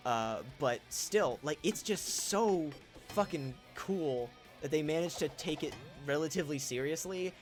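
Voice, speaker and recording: A man's voice: on the high side, lively intonation, a little slow, few pauses, soft background music. Rambling young man streaming games. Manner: rambling, lots of fillers and swearing, loud laughing impressions. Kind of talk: casual gaming stream chat.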